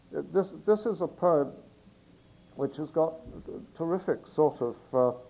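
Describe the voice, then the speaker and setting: British man, poet, chatty introductions, mellow voice, digressive. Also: medium pitch, low-quality recording. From Britain. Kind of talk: poetry reading with spoken introductions.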